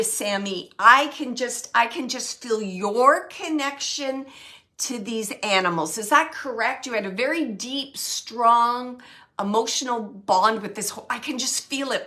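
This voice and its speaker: A woman working as a medium, giving a live reading to an audience member, animated and searching as she relays messages in quoted speech. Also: on the high side, measured pace. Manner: searching, self-correcting phrasing.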